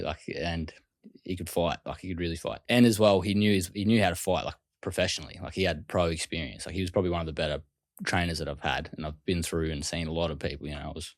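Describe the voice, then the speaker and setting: An Australian man, a guest telling stories casually and acting out other people's lines in quick quoted voices. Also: sits low, dry recording, clean studio sound. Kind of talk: casual storytelling.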